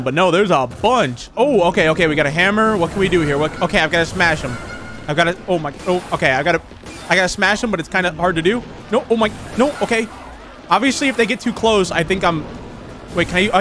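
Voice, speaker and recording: A young man giving rambling, excitable commentary while playing a horror game. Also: high-pitched. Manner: rambling, excitable, many fillers. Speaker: gaming channel host. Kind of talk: let's play commentary.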